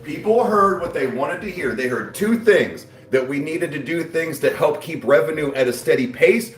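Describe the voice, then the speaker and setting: A man's voice: a little high, expressive, normal speed, few pauses, echoey room, faint music behind. A man hosting his channel in casual chat, crude and brash, rambling and defiant. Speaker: YouTube channel host.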